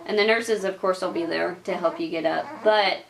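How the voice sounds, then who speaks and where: A woman's voice: on the low side, moderate pace, vocal fry. Chatty young woman giving casual advice. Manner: chatty, laughs often, uses lots of "like". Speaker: vlogger. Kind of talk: casual advice chat to camera.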